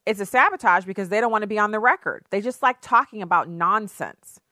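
A woman's voice: mid-range voice, lively intonation, quick pace, pushed and bright, no echo, studio quality. A woman hosting opinionated political commentary, sarcastic and emphatic, with rhetorical questions.

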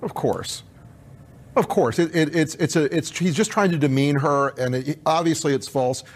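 A man's voice: fairly high pitch, moderate pace. A man talking politics on a casual podcast, laughing derisively and restarting his sentences.

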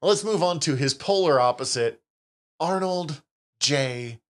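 A man co-hosting a casual podcast, animated and laughing often, with casual swearing. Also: on the high side, measured pace. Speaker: podcast co-host.

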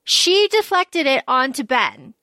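A woman co-hosting a podcast, chatting casually about a story with lots of fillers and lively retelling. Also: high voice, takes it slowly, dry recording. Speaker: podcast co-host. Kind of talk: casual book discussion.

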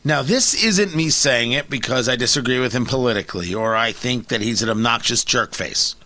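A man's voice: mid-range voice, moderate pace. A man hosting a talk radio show, delivering an opinionated monologue with sarcasm and mockery. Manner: sarcastic, animated, mocking.

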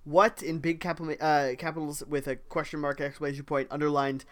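A man co-hosting a podcast in casual chat, eager and quick to jump in. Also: a little high, little pitch movement. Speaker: podcast co-host.

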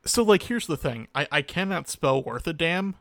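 Monotone deadpan guy recapping a show, gravelly, kinda bright and dry sounding. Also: fairly high pitch, moderate pace, no room sound. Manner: deadpan, sarcastic. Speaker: podcast co-host. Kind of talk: casual chat recapping a show.

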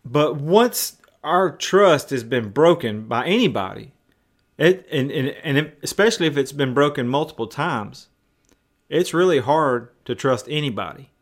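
A man's voice: fairly high pitch, expressive, measured pace. A man preaching a conversational sermon, often repeating words and restarting as he explains.

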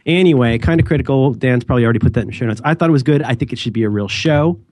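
A man's voice: medium pitch, rapid-fire, darkish tone, no room sound. A man co-hosting a podcast, chatting casually in a rambling, jokey way and often interrupting himself. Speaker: podcast co-host. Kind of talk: casual chat.

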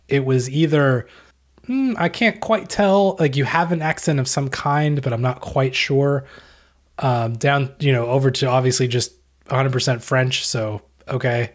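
Male podcast co-host, mid-pitched, casual and rambling, deadpan humor. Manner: dry, rambling, deadpan jokes. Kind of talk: casual chat.

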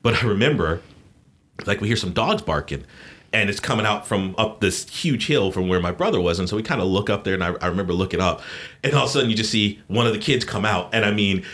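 Deep-voiced man telling rambling stories. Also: a little hiss or hum. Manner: rambling, animated anecdote telling. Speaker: podcast co-host. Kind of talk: casual storytelling chat.

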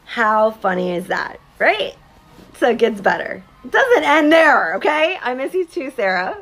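Animated woman telling a story. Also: a little high, unhurried, soft background music. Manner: animated, emphatic, keeps checking in with "okay?". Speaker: mother and business owner telling a story to viewers. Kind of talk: casual storytelling to viewers.

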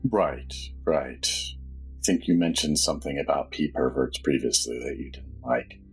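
Deep-voiced, wry man as game master. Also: unhurried, breathy edge, faint music behind, rough recording. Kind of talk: narrating a tabletop game.

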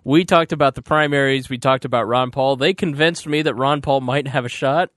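A man's voice: mid-range voice, a little fast, a bit bright, no room sound, clean studio sound. A man hosting a casual political podcast, chatting in a joking, self-deprecating way. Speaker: podcast host and producer.

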